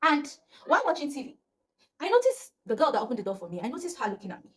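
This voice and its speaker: A young woman from Nigeria with a Nigerian accent, telling a personal story in casual vlog chat and acting out the voices of the people in it. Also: quick pace. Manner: animated, acts out quoted voices, often drops to a low murmur. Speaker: storyteller vlogger.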